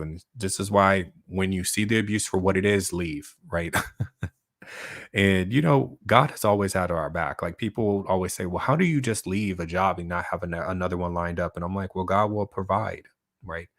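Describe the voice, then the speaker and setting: In a clean studio recording with no room sound, a man with a low, slightly bright voice talks at a moderate pace to viewers on his own channel. It's a casual, lengthy livestream monologue where he reacts to comments, often adding "right?" and laughing between points.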